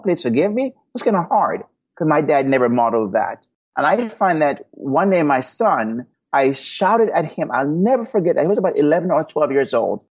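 A man speaks in an earnest, almost preacherly way as a podcast guest, telling personal stories. His voice is husky. The audio is muffled and lo-fi. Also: mid-range voice. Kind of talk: podcast interview answers.

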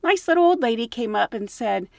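A woman flight attendant telling travel stories in a casual, animated way, laughing often. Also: a little high, fairly quick, creaky, no room sound, studio quality. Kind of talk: casual storytelling.

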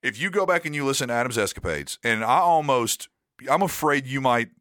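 Male podcast co-host, rambling self-deprecating storyteller, bright voice, dry close mic. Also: mid-range voice, lively intonation, brisk, no room sound. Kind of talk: casual podcast chat.

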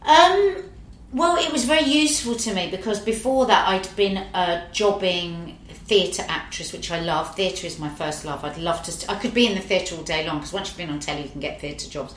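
A woman's voice: lowish voice, normal speed, hardly any pauses, slight background noise. Brief: woman, middle-aged, chatty anecdotal guest, room echo. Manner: lively, animated, swears casually. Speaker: actress guest. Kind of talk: casual anecdotal storytelling. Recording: roomy echo.

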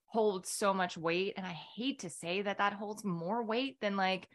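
A woman's voice: mid-range voice, a little slow, fairly bright tone. A woman guest author in an interview, speaking thoughtfully and measuredly. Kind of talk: interview conversation.

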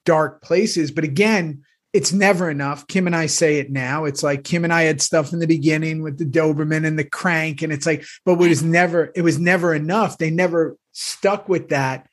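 A man with a slightly raised pitch talks in a casual, rambling way. He gushes and restarts his thoughts often, piling up fillers as he goes. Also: fairly even intonation, moderate pace. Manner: rambling, warm and effusive, many restarts. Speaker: actor reminiscing with former castmates. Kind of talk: casual chat.

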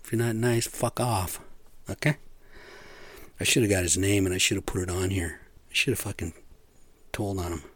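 A man's voice: deep voice, steady tone, moderate pace, long pauses, fairly bright tone. A man giving a rambling, blunt rant full of swearing, talking casually about his day and whatever crosses his mind.

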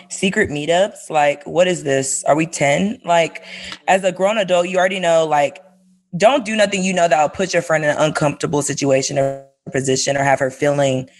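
A woman co-host giving opinionated advice in slangy casual chat, with many fillers. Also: sits low. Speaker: podcast co-host.

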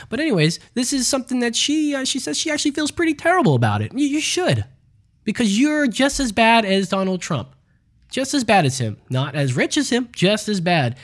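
A man hosting a casual podcast, reading news stories and ranting about them with heavy profanity and mockery. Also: sits high. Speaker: podcast host. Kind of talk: casual crude news rant.

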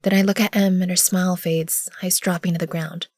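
A woman gives first-person narration for an audio drama, measured and often dropping to a hush. Her voice sits a little low and sounds dry and close to the mic. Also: flat delivery, no room sound. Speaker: narrator and lead character.

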